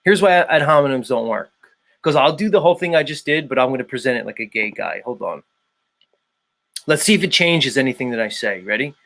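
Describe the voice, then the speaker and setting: A man hosting a casual livestream chat talks a little fast, expressive and fairly bright at medium pitch. Viewers' names get read aloud while he argues his position.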